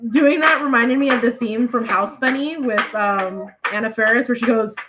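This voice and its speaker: A woman with a slightly high voice hosts a crochet livestream from home and chats casually with her viewers. She reads their comments aloud and laughs often. Loud clicking sounds run through the recording. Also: normal speed. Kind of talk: casual chat with live viewers. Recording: loud clicking noise over the voice.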